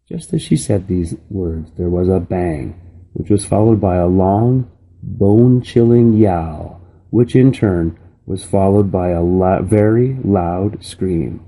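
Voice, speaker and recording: A man reading a children's novel aloud in a calm, measured storytelling manner. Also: low voice, poor audio. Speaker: reader.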